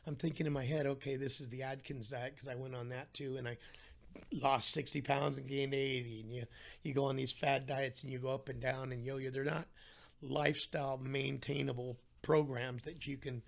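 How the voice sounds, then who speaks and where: Gravelly middle-aged man telling his story. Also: medium pitch, moderate pace. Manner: animated storyteller, acts out quoted voices. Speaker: guest telling his weight-loss story. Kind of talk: casual storytelling interview.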